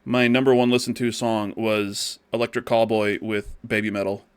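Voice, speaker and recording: A man's voice: on the low side, little pitch movement, moderate pace, clear, resonant tone, no room sound. Casual rambling man on a dry mic. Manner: rambling, restarts, swears casually. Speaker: podcast co-host. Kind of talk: casual chat on a live stream.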